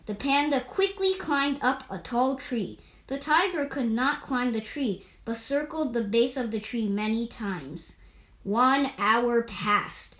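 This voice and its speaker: A woman reads an animal fable aloud at a steady, measured pace. Her voice sits fairly high. The recording is roomy, with a clear echo. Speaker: storyteller.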